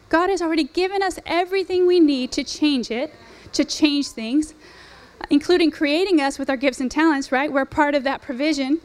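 Woman in her 40s preaching, high voice, earnest and chatty, lots of "right?". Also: fairly quick, a little mellow. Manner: earnest, conversational, with fillers and rhetorical questions. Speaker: speaker at a women's ministry event. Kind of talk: sermon with personal testimony.

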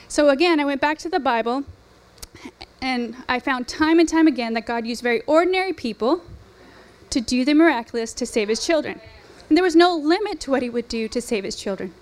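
A high-voiced woman in her forties preaches earnestly at a women's ministry event, weaving in her own testimony along with fillers and rhetorical questions. She sounds animated and talks a little fast.

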